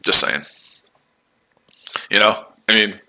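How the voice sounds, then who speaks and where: A man's voice: lowish voice, slow pace, bright, forceful tone. A man hosting a casual trading livestream, talking to his chat in a mocking, repetitive way. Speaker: trading streamer.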